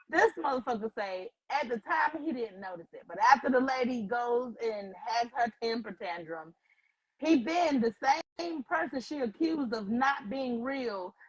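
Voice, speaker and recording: A woman co-hosting a casual online chat, animated and profane, talking straight to her viewers. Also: on the high side, breathy edge, no echo, highs cut off. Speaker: co-host.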